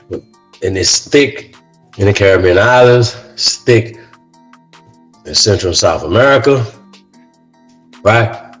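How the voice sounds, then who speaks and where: A man's voice: on the low side, rough recording. A man hosting a casual talk show, speaking in a loose monologue that keeps landing on "man" and "right?", and getting heated as he goes. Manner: says "man" and "right?" often; gets heated. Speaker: podcast host.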